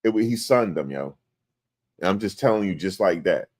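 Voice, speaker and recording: Slangy, animated man riffing on news. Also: sits low, normal speed. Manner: animated, slangy, acts out quotes in exaggerated voices. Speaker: commentary host. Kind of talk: casual live-stream commentary.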